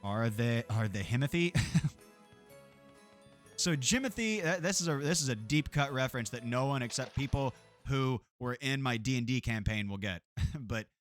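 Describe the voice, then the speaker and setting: A man's voice: medium pitch, animated, moderate pace, soft background music. Profane, rambling male game streamer. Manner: profane, rambling, laughs often. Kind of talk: casual gameplay chat.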